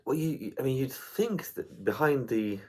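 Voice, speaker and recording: A man's voice: mid-range voice, expressive, normal speed, mellow, breathy edge. A man co-hosting a podcast in casual chat, telling stories and swearing freely. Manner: chatty storyteller, swears freely. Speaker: podcast co-host.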